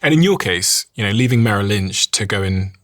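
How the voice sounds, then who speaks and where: Male podcast host, bit low voice, thoughtful, reflective. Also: lively intonation, fairly quick, a bit bright. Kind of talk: interview conversation.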